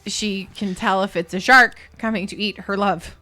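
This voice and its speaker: A woman playing in a tabletop game, chatting expressively and excitably. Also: mid-range voice, normal speed, dry recording, soft background music. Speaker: player. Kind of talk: casual tabletop play.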